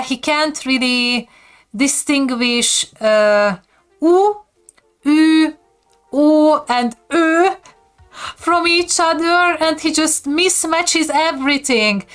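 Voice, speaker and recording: A woman's voice: high-pitched, a bit bright, smooth. A woman from Hungary, speaking with a Hungarian accent, chatty and giggling often as she teaches viewers on a casual live stream.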